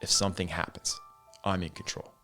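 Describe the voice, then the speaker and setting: A man's voice: sits low, level tone, a little fast, sharp tone, faint music behind. A man hosting a casual solo podcast and talking candidly, swearing freely and saying "man" and "dude" as he goes. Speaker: podcast host.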